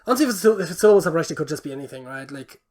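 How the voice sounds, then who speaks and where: A podcast co-host in loose, casual chat, muttering through guesses and thinking out loud. The voice sits at an ordinary middle pitch, and the talk is full of fillers and offhand swearing. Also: animated, racing, a crowd in the background.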